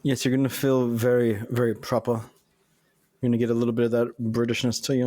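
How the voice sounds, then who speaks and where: A man's voice: medium pitch, flat delivery, fast talker, mellow, no room sound, studio quality. Playful man co-hosting a casual podcast. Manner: playful, gives short agreeing replies. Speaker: podcast co-host. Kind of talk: casual chat.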